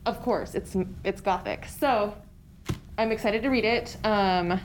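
A woman's voice: medium pitch, measured pace, a little hiss or hum, low-quality recording. A woman co-hosting a casual book chat, chatty and giggly, with lots of fillers. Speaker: podcast co-host.

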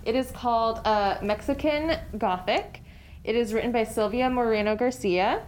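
A woman's voice: a little high, normal speed, rough recording. Chatty woman talkin books, lots of ums and giggles, faint hiss behind. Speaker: podcast co-host. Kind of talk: casual book chat.

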